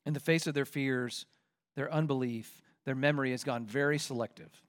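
A man's voice: medium pitch, normal speed. A man preaching a sermon, reading scripture aloud and acting out people's complaints with rising emphasis. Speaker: pastor.

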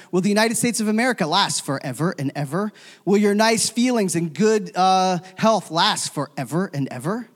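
A man preaching a sermon as pastor, swinging from loud emphatic calls to hushed, near-whispered endings. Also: sits high. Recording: long hall reverb.

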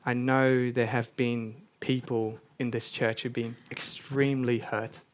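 Speaking unhurriedly at a medium pitch, a man delivers a sermon as a pastor. He stays lively, mixing earnest points with jokes, and his scripture readings climb in intensity.

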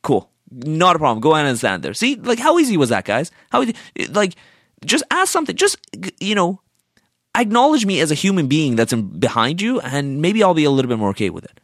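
A man's voice: sits high, wildly swooping pitch, brisk, a bit bright, no echo, clean studio sound. A young man telling a story in a casual rant, exasperated, swearing and sarcastic.

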